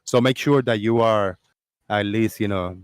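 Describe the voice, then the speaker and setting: An excitable man with a Floridian accent hosts a casual live stream. He rambles and restarts his sentences, and his voice sits close and dry on the mic with no room sound. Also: fairly low pitch, a little slow, clean tone, no room sound. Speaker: host of a live call-in discussion.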